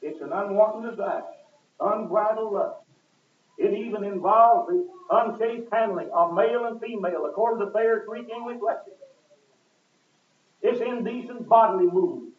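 Preaching a sermon at normal speed, a man with a high voice hammers each point with sudden loud stresses, then drops low in between. The tinny, phone-like lo-fi recording echoes, as though picked up from across a large room.

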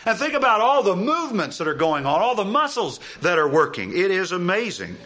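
A man preaching a sermon, animated and emphatic, asking rhetorical questions and repeating key phrases. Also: high voice, fairly quick. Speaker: pastor.

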